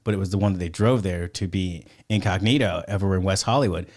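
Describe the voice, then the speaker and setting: A podcast guest with a low-sitting voice tells a story at a quick pace. His casual storytelling rambles and is profane, packed with "like" and "you know."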